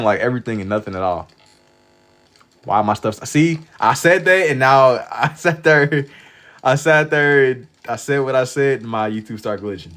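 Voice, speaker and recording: A sleepy man chatting casually and rambling on a livestream as he draws, with a drawling, meandering manner and lots of repetition. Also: mid-range voice. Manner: drawling, meandering, slangy, repeats himself. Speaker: livestream artist. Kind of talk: casual rambling chat while drawing.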